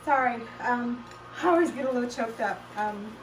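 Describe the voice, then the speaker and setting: An older woman chatting casually to camera in her home kitchen, talking warmly and laughing often as she makes juice. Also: a little high, normal speed. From United States. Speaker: home juicing vlogger. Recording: roomy kitchen, mic at a distance, loud appliance noise.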